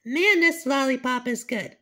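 A woman's voice: sits high, pushed and bright. A woman voicing a little girl bear cub who whines and pleads, in a fan-made cartoon. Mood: indignant. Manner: whiny, pleading, quick to cry out.

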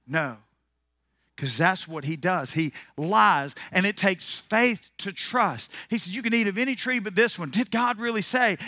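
A man preaching a sermon as pastor, animated and joking, swinging from loud declarations into quiet asides. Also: high-pitched, no echo, studio quality. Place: church sanctuary.

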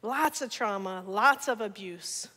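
A woman giving an energetic church talk, sharing personal testimony with laughter and playful asides. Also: medium pitch, a little slow. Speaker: guest speaker. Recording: long church hall reverb.

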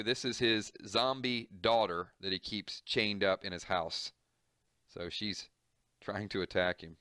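A man's voice: lowish voice, sharp tone, dry recording, clean studio sound. A man reading a comic book aloud and explaining it, moving from the panels to casual, serious commentary.

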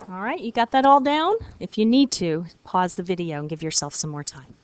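A woman's voice: fairly low pitch, sing-song, smooth. Patient woman teaching a lesson. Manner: patient, encouraging, repeats words slowly. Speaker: French teacher. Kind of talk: recorded video lesson.

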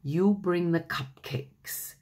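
An eager, literal-minded young housekeeper, put on by a woman reading a storybook aloud calls out cheerfully. Her voice sits at a middling pitch. The reading moves slowly. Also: a little mellow, breathy edge. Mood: plain.

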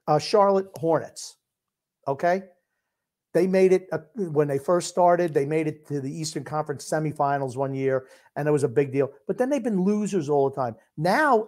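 Older man, podcast co-host, mellow voice, lively pitch, blunt opinions. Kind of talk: casual sports podcast chat.

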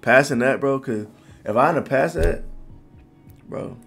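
A man in his twenties telling a personal story to the camera in a casual, animated, slangy way. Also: mid-range voice, unhurried, gravelly, husky, soft background music. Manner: animated, loose slangy talk full of "bro". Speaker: vlogger.

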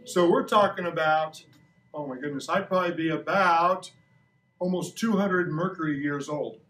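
A man's voice: on the high side, moderate pace, fairly bright tone. A man in his sixties teaching a science lesson to a class of children in a playful, joking way, asking them questions. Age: 60s. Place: school classroom. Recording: echoey classroom recorded from a distance.

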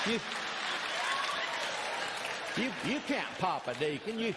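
A man's voice: high-pitched, a little slow, pauses often, over a noisy crowd, very noisy. Folksy man telling comic stories. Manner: animated, folksy, repeats phrases for effect. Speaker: comedian and pastor. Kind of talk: stand-up comedy storytelling. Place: large church hall before an audience. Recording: reverberant hall, live audience.

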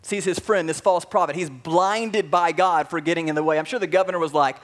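High-voiced animated male preacher. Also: brisk, hardly any pauses. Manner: casual, animated storytelling with slang. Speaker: pastor. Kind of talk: sermon.

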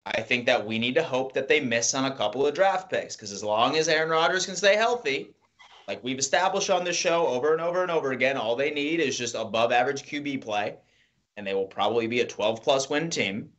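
A man co-hosting a sports show, giving measured, emphatic football analysis. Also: mid-range voice, lively intonation, fairly bright tone, lo-fi sound. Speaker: sports podcast co-host.

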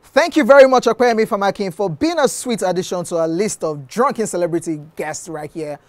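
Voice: medium pitch, a little fast, no echo. A TV talk show host, playful and teasing, running the segment and signing off. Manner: playful, teasing, sign-off patter.

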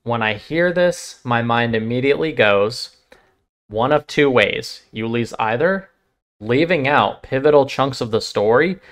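A man's voice: medium pitch, animated, unhurried, fairly bright tone. Questioning man giving reaction commentary. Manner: reflective, asks a lot of questions. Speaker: channel host.

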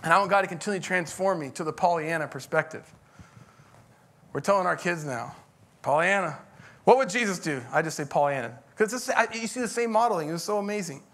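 A man's voice: sits high, quick pace, a bit bright. A middle-aged man, a pastor, preaching a conversational sermon that rises into emphatic bursts.

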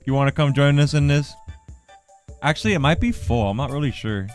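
A man streaming a game live, talking in casual banter, mostly drowsy and mumbling but breaking into loud excited outbursts, teasing his co-host. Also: a little high, a little fast, faint music behind. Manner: playful teasing.

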